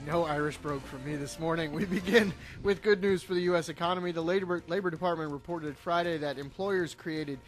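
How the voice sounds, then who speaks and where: A man's voice: fairly high pitch, a little fast, hardly any pauses, soft background music. A man co-hosting a studio chat show, making joking asides and reading a news segment. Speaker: co-host and news reader.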